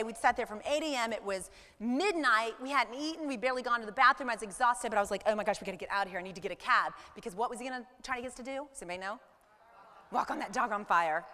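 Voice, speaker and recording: A businesswoman in her forties gives a motivational talk to a live audience in a large hall. Her voice is a little high, and she tells stories in an animated way, acting out her own thoughts.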